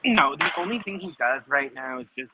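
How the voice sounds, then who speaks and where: A man's voice: mid-range voice, fairly quick. Man retelling a story, lots of "like". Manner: animated retelling with acted-out quotes and many "like" fillers. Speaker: podcast host. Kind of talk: casual storytelling chat. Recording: dull lo-fi recording with clear noise.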